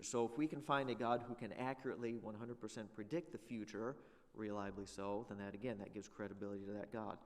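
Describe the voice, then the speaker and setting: A man's voice: lowish voice, in a large hall. A man teaching a Sunday school lesson in a church, conversational and full of rhetorical questions.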